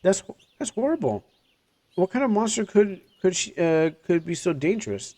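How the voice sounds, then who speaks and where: A man's voice: sits high, very animated, moderate pace, warm tone, voice pushed up. A man voicing a friendly, trusting merchant in a raised, cheerful voice. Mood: alarmed.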